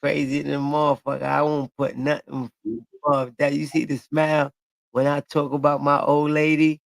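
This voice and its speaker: A man's voice: a little high, completely flat delivery, normal speed, creaky. A man in his forties in loose, profane, boastful casual banter. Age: 40s. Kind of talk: casual chat.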